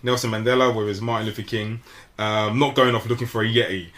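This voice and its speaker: A man's voice: lowish voice, fairly even intonation, fast, fairly bright tone. A man co-hosting a casual podcast discussion, talking earnestly about a book with a little teasing. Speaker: podcast co-host.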